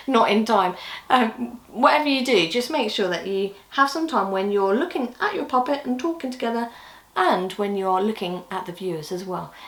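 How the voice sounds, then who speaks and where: A woman's voice: mid-range voice, fairly bright tone, reverberant. A woman giving a friendly, chatty puppetry training talk for a children's ministry video. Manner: friendly, encouraging, chatty with laughs.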